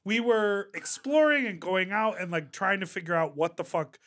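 Bright-voiced man in casual podcast chat. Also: high voice, normal speed. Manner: animated, laughing, crude humor. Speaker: podcast co-host.

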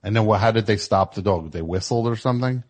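A man's voice: fairly low pitch, fast talker, darkish tone. A man hosting a comedy call-in show, teasing callers and riffing in a rambling way. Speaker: host.

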